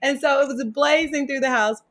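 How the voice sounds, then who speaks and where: A woman's voice: sits high, normal speed. A woman guest in an interview, telling a personal story in a casual way and laughing often as she talks. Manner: animated, laughs while telling stories. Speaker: interview guest, yoga teacher.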